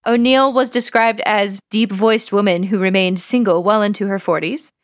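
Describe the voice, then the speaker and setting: A woman co-hosting a podcast, casual and playful, with quick reactive asides. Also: mid-range voice, fairly even intonation, no echo, studio quality. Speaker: podcast co-host. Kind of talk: casual chat.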